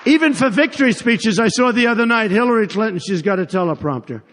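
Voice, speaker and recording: A man's voice: high voice, lively intonation, quick pace, fairly bright tone. An older man delivering a rambling, repetitive rally speech to a crowd, with mocking asides. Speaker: political candidate at a rally. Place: large arena with a crowd. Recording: long hall reverb from a PA.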